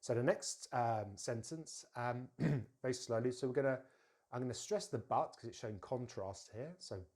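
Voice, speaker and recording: Male pronunciation teacher, mid pitch, methodical drills with plain explanations between them. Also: darkish tone. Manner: slow, deliberate modelling of words with drills to repeat; explains plainly with frequent fillers and restarts. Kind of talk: pronunciation lesson.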